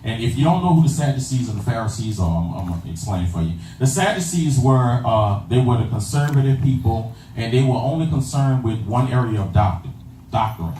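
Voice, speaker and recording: Speaking a little fast with an animated delivery, this preacher has a medium-pitched, dark voice. He repeats phrases and checks in with the congregation, asking "you understand that?" in call-and-response style, captured from afar in an echoey room with faint ambience and slight background noise.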